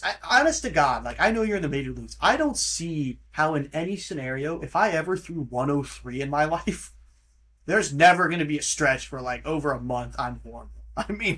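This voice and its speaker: A young man from Florida talks alone on his podcast, his voice sitting a bit high for a man. He rambles, jokes and drifts off topic, filling the gaps with ums and restarts. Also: a bit bright, husky. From Florida, USA. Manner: casual, rambling, joking, with frequent fillers and off-topic tangents. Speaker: podcast host. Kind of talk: rambling solo podcast monologue.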